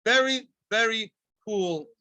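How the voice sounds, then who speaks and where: A man teaching a daily Talmud class, lively, asking and answering his own questions and speaking straight to his students. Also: high voice, slow pace, smooth, no room sound. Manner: talks directly to students.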